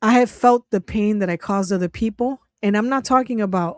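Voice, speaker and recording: A woman hosting her own channel, telling a personal story in a plain casual way. Her pitch sits in the middle, and she talks with strong feeling, stopping and restarting and laughing between words. The recording is dry, with no room echo. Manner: emotional, laughs often while telling, halting restarts. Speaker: channel host.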